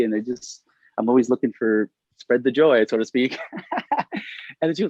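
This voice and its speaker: A man's voice: medium pitch, expressive, a little fast, long pauses, a little mellow, dry recording. A middle-aged man in a casual interview over a video call, rambling, filling his talk with "like" and laughing often. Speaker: interview guest. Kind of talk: casual conversation. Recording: dull, dry audio.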